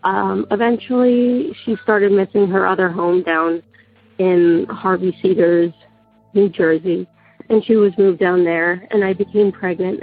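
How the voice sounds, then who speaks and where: A woman caller who is sick and raspy, telling a personal story in a steady way with pauses and fillers. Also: medium pitch. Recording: tinny phone line.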